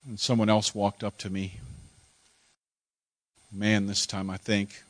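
A man preacher telling a story in first person as a dramatic monologue sermon, emotional and halting, repeating words when moved. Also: fairly low pitch, little pitch movement, no room sound.

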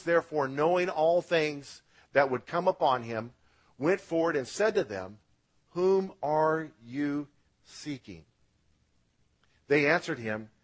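A man preaching a sermon as pastor, swinging between loud emphatic lines and quiet low drops, asking the congregation to repeat words after him. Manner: emphatic preaching, rising and dropping for effect.

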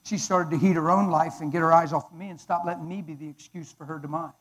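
A man preaching in church, telling his own testimony with dramatic swings from loud exclamations to hushed words. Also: fairly high pitch, steady tone, fast, low-quality recording. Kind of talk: emotional testimony sermon.

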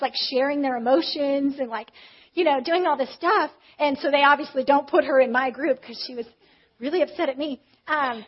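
Woman preacher, high bright voice, chatty storytelling sermon, slightly muffled audio. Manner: candid, animated retelling with acted quotes.

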